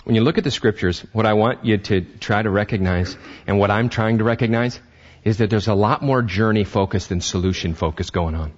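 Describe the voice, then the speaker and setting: Man, pastor, sermon, husky voice, slightly muffled recording, animated, restarts sentences. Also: fairly low pitch, fairly quick.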